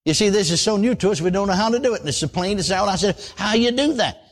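An older man preaching a radio sermon in a folksy, animated way, calling for amens. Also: high-pitched, racing.

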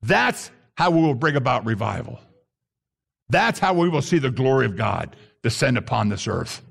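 A man preaching an impassioned sermon to a congregation, building to shouted emphasis at key points. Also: medium pitch, very animated, moderate pace, creaky, slightly rough.

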